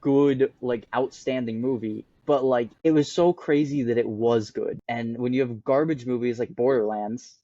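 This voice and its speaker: A man's voice: medium pitch, steady tone, normal speed, few pauses, warm tone, no echo. An enthusiastic young man chatting casually on a podcast. His voice comes through a dry, muffled lo-fi mic. He talks with eager energy. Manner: enthusiastic, laughs often. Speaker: podcast co-host. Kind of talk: casual chat.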